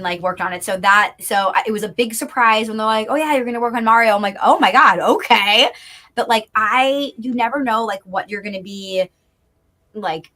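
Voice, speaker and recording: A bubbly, talkative woman in a live interview, speaking at an ordinary middle pitch. She rambles happily with plenty of fillers and quick laughs. She comes through a video-call mic. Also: bright, forceful tone. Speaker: guest voice actor. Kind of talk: casual live interview chat.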